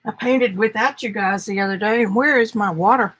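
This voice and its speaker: A woman's voice: mid-range voice, brisk, a bit bright, slight background noise. A woman with an Arkansas accent hosting a live art stream from her home studio, chatting casually and poking fun at herself while she works. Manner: chatty, self-deprecating, talks while working. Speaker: art livestream host. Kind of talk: casual livestream chat.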